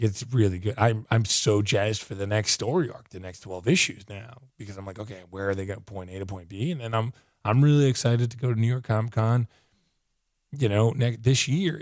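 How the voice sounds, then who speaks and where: An out-of-breath man whose voice is fading, reviewing a comic book in an excited, rambling way full of "like". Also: on the low side, no room sound, studio quality. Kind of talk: casual video review.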